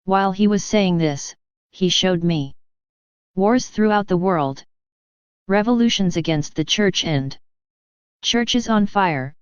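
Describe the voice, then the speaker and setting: A woman giving a steady, reverent scripted reading of devotional writings in an even, measured way. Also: lowish voice, smooth, no room sound, dull audio.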